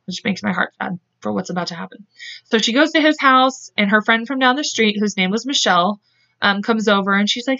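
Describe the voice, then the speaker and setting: A woman's voice: on the high side, animated, normal speed, a bit bright, dull audio. Chatty woman telling a true-crime story. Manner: chatty, acts out quotes with voices, laughs often. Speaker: podcast co-host.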